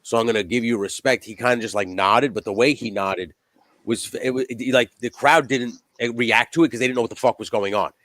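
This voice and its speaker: Male podcast co-host, mid-pitch, rambling and emphatic, swears a lot, dry studio sound. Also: fairly quick, a bit bright, no room sound. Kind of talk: casual wrestling chat.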